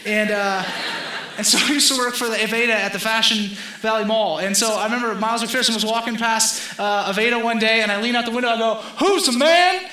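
A man's voice: sits high, flat delivery, fast, sharp tone, roomy sound, low-quality recording. A young man preaching a sermon in a conversational style, joking with the congregation. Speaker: pastor.

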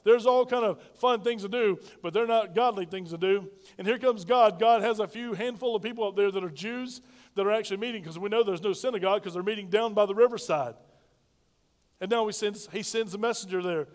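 A man's voice: high voice, fairly quick, long reverb tail. A male pastor preaching a sermon, calling on the congregation to repeat lines after him. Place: church sanctuary.

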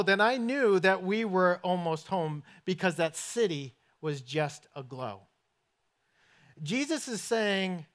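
This man's voice sits high and sounds fairly bright as he delivers a church sermon. He's a pastor from southern New England with the region's accent, telling stories conversationally and asking the congregation questions.

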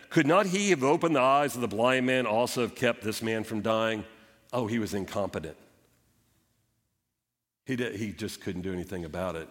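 A male pastor preaching a sermon, retelling scripture with animated storytelling and emphatic rises and drops. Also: lowish voice, in a large hall. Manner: animated storytelling preaching, voicing Bible characters.

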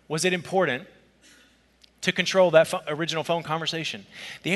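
Male pastor, fairly high bright voice, animated storyteller, long reverb of a big hall. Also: a little fast, long pauses. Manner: animated, conversational storytelling with asides. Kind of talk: sermon with personal story.

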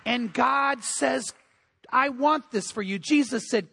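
A male pastor preaching a sermon, telling a story earnestly, hushing in tender parts and rising when urging. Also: very high-pitched, takes it slowly, creaky, breathy edge, in a large hall. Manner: earnest, drops to a hush in tender moments, rises when urging.

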